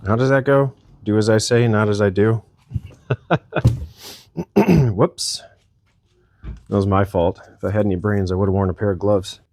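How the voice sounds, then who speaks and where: A man's voice: fairly low pitch, a little slow, vocal fry, long pauses, a little mellow, dry recording. A middle-aged man casually narrating a chainsaw repair in his workshop, rambling and joking at his own expense with frequent chuckles. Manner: rambling, self-deprecating, chuckles often. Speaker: channel host repairing a chainsaw.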